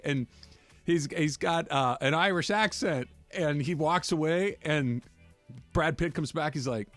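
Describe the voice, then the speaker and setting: A man hosting a sports radio show, telling stories in a lively way and acting out the quotes. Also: on the high side, unhurried, faint music behind. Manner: animated storyteller, acts out quotes. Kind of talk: casual sports radio chat.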